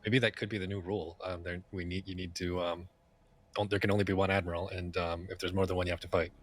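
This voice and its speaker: A man chatting in character in a roleplay game, halting and hesitant with many fillers. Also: sits low, level tone. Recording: faint music behind.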